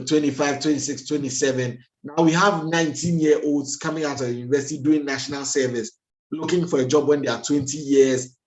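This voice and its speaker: A man, a doctor giving a lively health lecture over a video call, laughing at himself and acting out everyday scenes. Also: medium pitch, reverberant, rough recording.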